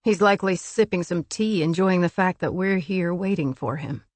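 A woman voicing a gruff sardonic warrior man. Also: on the low side, moderate pace, a little mellow, no room sound, lightly acted.

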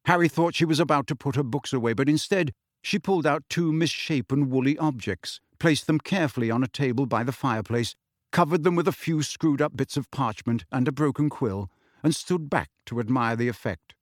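A man's voice: mid-range voice, moderate pace, no room sound, studio quality. A man narrating a novel expressively as an audiobook reader. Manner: lively, expressive storytelling. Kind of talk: scripted narration.

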